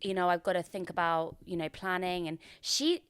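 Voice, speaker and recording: Woman, podcast co-host, smooth clear voice, dry close sound, chatty. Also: fairly low pitch, fairly even intonation, normal speed, no echo. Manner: chatty, retells scenes with quoted lines. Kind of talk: casual chat recapping a TV episode.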